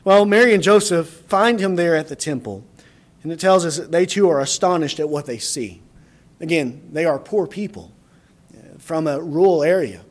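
Man, high voice, sermon, earnest, repeats himself. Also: normal speed. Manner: earnest, repeats words and restarts phrases. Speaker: preacher.

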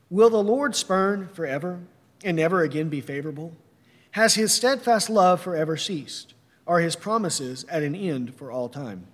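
A man's voice: fairly high pitch, big-room sound. A man preaching a sermon, reading scripture aloud and then explaining it earnestly, often checking in with "right?".

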